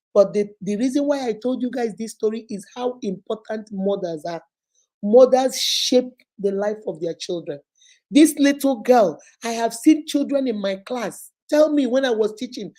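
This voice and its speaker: A woman's voice: medium pitch, warm tone, low-quality recording. A woman from Nigeria with a Nigerian accent, a schoolteacher giving a motivational talk to mothers, using emphatic, repetitive exhortation mixed with storytelling asides.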